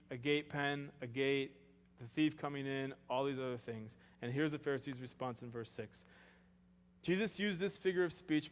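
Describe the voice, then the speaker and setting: Joking pastor in a reverberant hall. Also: male voice, on the high side. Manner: conversational, joking, acts out dialogue. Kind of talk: sermon. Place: church sanctuary.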